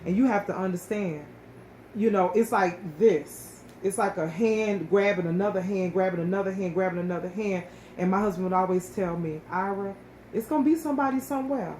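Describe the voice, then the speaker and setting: A woman speaks about her own life in a heartfelt, animated way, stumbling over and repeating words as feeling takes over. Her voice carries in a roomy, echoing space with a faint hiss of background noise. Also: lowish voice, moderate pace. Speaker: co-host sharing her story. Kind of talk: casual personal storytelling. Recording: echoey room with faint ambient noise.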